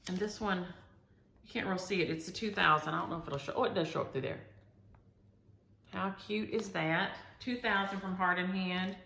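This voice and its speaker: A woman's voice: fairly low pitch, fairly even intonation, normal speed, gravelly, pushed and bright, a little hiss or hum. A woman hosting a chatty show-and-tell video, gushing over each item and talking straight to her viewers. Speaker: host. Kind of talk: casual show-and-tell chat. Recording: roomy echo.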